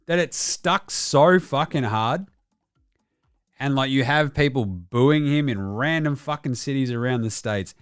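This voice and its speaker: A male Australian host talks basketball in a loose, profane rant. His voice sits slightly high and swings widely in pitch. The sound is close and dry. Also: smooth, no room sound. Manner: profane, ranting. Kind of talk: casual basketball commentary.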